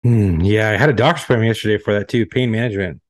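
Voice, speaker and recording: A man in his thirties with a lowish voice talks very fast while co-hosting a casual podcast. He tells blunt, profane stories about his pain and his doctors, and the recording is dry and studio quality.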